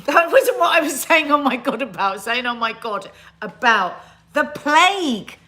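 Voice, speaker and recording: Chatty woman, middle-aged, stream host; loose, rambling talk with drawn-out singsong greetings. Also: high voice, big pitch swings, sharp tone. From England. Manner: chatty, sing-song greetings to viewers. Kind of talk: casual live-stream chat.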